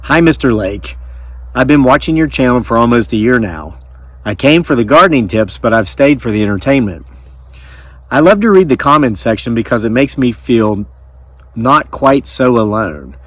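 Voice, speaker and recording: A man's voice: medium pitch, lively intonation, normal speed, a bit bright, no room sound. Man casually reading ghost stories aloud. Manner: folksy, informal, with fillers and restarts. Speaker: channel host reading viewer stories. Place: outdoors in the woods.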